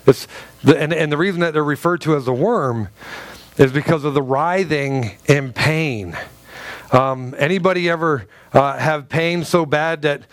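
Animated male pastor, high voice, dry close sound, comic sermon delivery. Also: clean tone, no room sound. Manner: animated storyteller, acts out groans and quotes, many restarts. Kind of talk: sermon with humorous personal story. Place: church sanctuary before a live congregation.

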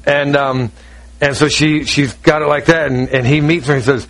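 A man's voice: fairly high pitch, steady tone, normal speed, a bit bright. Emphatic male preacher, conversational sermon.

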